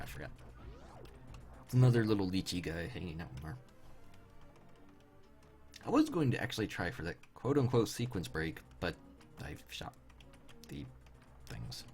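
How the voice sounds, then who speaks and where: A tired young man with a deep, gravelly voice streams a game and chats wryly with his viewers. His casual commentary is chatty and aimed at chat, with faint game music in the background.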